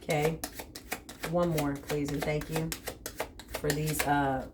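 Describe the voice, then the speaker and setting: A woman's voice: deep voice, level tone, takes it slowly, background noise. A woman giving a spiritual tarot reading, speaking bluntly and emphatically straight to the viewer. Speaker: tarot reader.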